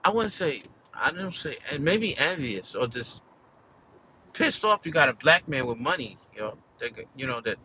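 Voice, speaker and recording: A man's voice: mid-range voice, big pitch swings, moderate pace, pushed and bright, lo-fi sound, a little hiss or hum. An American man venting casually in a candid, profane, rambling monologue, full of restarts. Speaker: vlogger.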